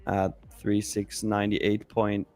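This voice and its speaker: A man's voice: on the low side, completely flat delivery, takes it slowly, warm tone, faint music behind. Joking Indian-accented man calling trades. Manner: joking, calls out trade levels. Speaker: co-host of a live trading show. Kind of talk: casual live-stream market chat.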